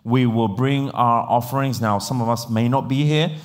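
A man's voice: mid-range voice, moderate pace. A male pastor from Italy with an English accent, preaching a sermon in a chatty storytelling manner. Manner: chatty, animated storytelling with frequent fillers. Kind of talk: sermon with podcast intro.

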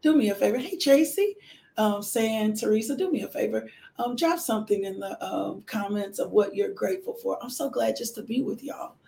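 Woman, hoarse, gravelly, devotional host, repetitive thanksgiving prayer, roomy echo. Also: mid-range voice, expressive, moderate pace. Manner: warm, repetitive thanksgiving, greets viewers by name. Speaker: host of a morning devotional livestream. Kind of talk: casual devotional talk and prayer.

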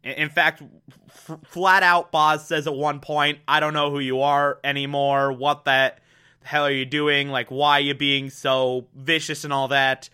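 Man, excitable tv recap commentary, unhurried delivery, slightly high voice. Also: clear, resonant tone. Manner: excitable, emphatic, laughs often. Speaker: TV show reviewer.

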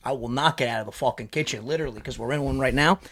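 A man's voice: medium pitch, racing. A young man co-hosting a podcast, telling stories with lots of laughter and swearing. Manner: animated, profane storyteller who laughs a lot. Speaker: podcast co-host. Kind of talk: casual podcast banter.

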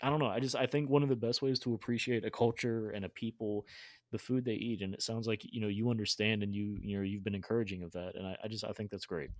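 A man's voice: lowish voice, fairly even intonation, fast talker, no echo. A man hosting a casual conversation, friendly and rambling with many restarts. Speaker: podcast host. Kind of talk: casual chat.

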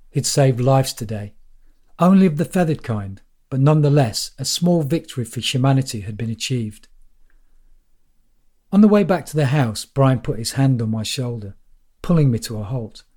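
A man reading a first-person story aloud in a measured, wry storytelling manner. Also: mid-range voice, lively intonation, mellow. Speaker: audiobook narrator.

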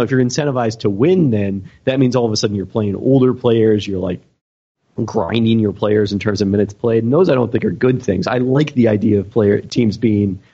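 A man's voice: on the low side, mellow, breathy edge, muffled recording. A man on a podcast panel talking through ideas casually, hesitating and searching for words with many fillers. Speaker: podcast panelist answering listener questions.

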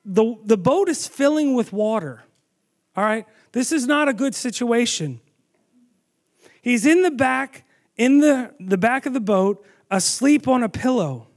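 A man preaching a sermon, telling the story with animated storytelling and asking the audience questions. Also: extremely high pitch, measured pace.

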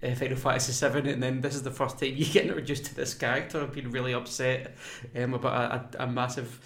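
A man's voice: mid-range voice, flat delivery, quick pace, fairly bright tone. A man co-hosting a podcast, talking casually with many ums and little laughs. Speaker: podcast co-host. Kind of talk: casual chat. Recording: roomy echo.

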